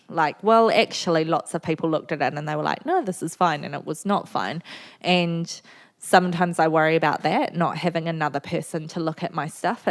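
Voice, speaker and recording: Nz woman, 30s, telling funny honest stories on stage, kinda low voice. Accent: New Zealand. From New Zealand. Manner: candid, funny storytelling with frequent laughter. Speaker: guest author. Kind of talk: festival stage talk. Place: festival venue before an audience.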